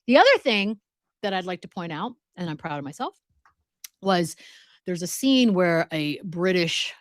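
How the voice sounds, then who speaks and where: A woman co-hosting a podcast in rambling casual chat, full of quick asides. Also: on the low side, sing-song, no room sound, clean studio sound. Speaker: podcast co-host.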